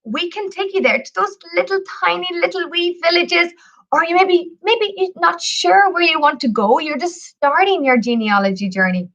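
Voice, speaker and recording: A woman with a Northern Irish accent, telling folk tales and talking travel as a radio show guest, lively and chatty. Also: extremely high pitch, normal speed, muffled recording. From Northern Ireland. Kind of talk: radio talk show storytelling and pitch.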